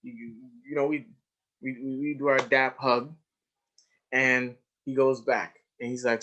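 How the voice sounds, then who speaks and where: A man's voice: mid-range voice, unhurried, long pauses. A middle-aged man giving a webinar lecture to educators, telling classroom anecdotes in a conversational way and acting out the people he quotes. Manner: animated storytelling, acts out quoted students, drops to a hush for asides.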